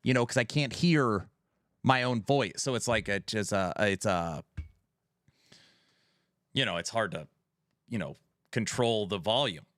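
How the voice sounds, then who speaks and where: A man's voice: lowish voice, unhurried, long pauses, a bit bright, dry recording, clean studio sound. A man streaming from home, bantering with his chat and reading out community questions in a casual, sometimes raised voice. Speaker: streamer hosting a gaming podcast. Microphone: headset mic.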